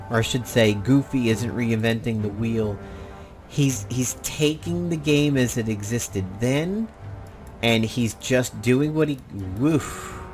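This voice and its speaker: A man hosting casual gameplay commentary, rambling and blunt, with the odd swear. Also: mid-range voice. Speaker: gaming channel host.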